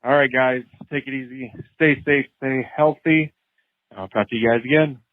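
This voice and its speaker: A man's voice: medium pitch, steady tone, normal speed. A man from Colorado leaving a friendly, upbeat voicemail for a podcast. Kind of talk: casual voicemail message. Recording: tinny phone line.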